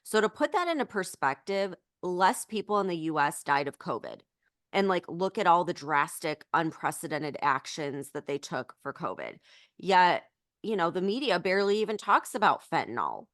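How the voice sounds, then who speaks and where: A woman's voice: lowish voice, very animated, moderate pace, a bit bright, no echo, studio quality. A woman co-hosting a political podcast, talking in an indignant, urgent way, full of "like" and "you know". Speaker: podcast co-host.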